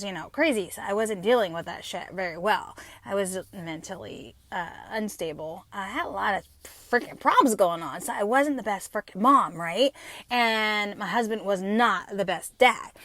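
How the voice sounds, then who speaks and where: A woman's voice: medium pitch, a bit bright, dry recording. A woman in her fifties, hosting her podcast and telling a personal story in a blunt, profane way with many fillers. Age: 50s. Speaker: podcast host.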